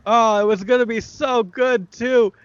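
Man doing a shrill, whiny goblin cook, pitched way up, lo-fi. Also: fairly even intonation, unhurried, clean tone, no echo. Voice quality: high squawky yelps. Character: panicky goblin cook calling out.

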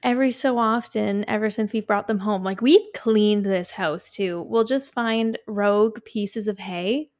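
Relaxed, reflective woman podcast co-host. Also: mid-range voice, measured pace, few pauses. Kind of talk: casual podcast chat.

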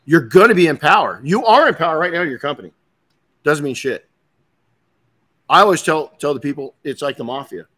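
A man's voice: on the high side, expressive, brisk, pauses often, fairly bright tone. A middle-aged man hosting a podcast, telling stories in a blunt, casual way, swearing and restarting his sentences often. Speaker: podcast host. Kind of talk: casual motivational talk.

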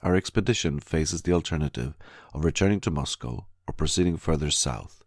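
Very deep gravelly guy reading an audiobook, steady pace, dry close sound. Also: brisk, no echo. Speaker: audiobook narrator. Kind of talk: scripted narration.

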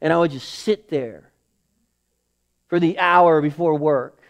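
Male pastor, middle-aged, unhurried sermon delivery, pitch on the high side, emphatic and dramatic. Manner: preaching with emphatic rises, drops to low acted inner voices.

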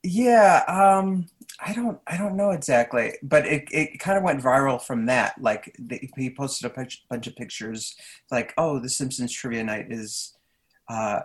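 A man in his thirties, a podcast guest chatting casually in his early-morning voice, hesitant and quick to laugh. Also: mid-range voice. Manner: hesitant, laughs often, many restarts. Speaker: podcast guest, trivia host. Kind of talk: casual chat.

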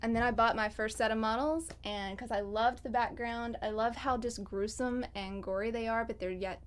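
A woman's voice: a little high, fairly even intonation, moderate pace. A woman talking as a guest in a casual interview, chatty and rambling, often laughing. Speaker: guest on a gaming podcast.

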